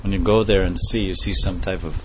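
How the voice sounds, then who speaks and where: A man giving a scripture class, explaining the text with pauses and small asides. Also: deep voice, fairly even intonation, fairly bright tone. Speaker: scripture teacher. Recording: dull lo-fi recording with faint noise.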